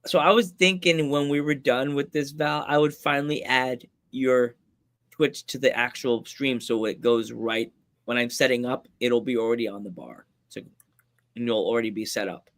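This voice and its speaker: Podcast co-host, man, casual and jokey, quick to laugh. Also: medium pitch, steady tone, fairly bright tone. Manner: jokey, laughs a lot, does goofy voices. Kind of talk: casual chat.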